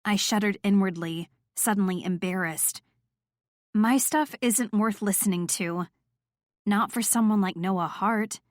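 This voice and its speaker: A woman narrating a first-person romance audiobook in a steady, clear storytelling voice. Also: medium pitch, unhurried, no echo, clean studio sound.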